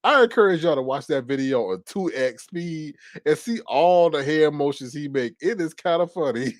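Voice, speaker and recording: A man talks through casual reaction commentary in a dry, close sound with no room around him. His voice sits a little high and swoops all over as he teases, laughs and lets out drawn-out exclamations. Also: no echo. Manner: animated, teasing, laughs often; drawn-out exclamations like "Lord have mercy". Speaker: commentary channel host.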